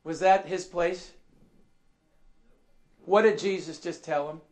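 A man preaching a sermon, emphatic and repetitive, asking his listeners questions and swinging from soft asides to shouted emphasis. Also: high-pitched, a little slow, pauses often. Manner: emphatic, repeats key phrases, asks the congregation questions.

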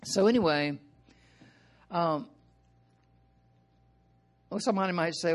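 Folksy older Southern preacher. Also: male voice, fairly high pitch, expressive, moderate pace. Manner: folksy, rambling with asides and throat clearing. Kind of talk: informal sermon.

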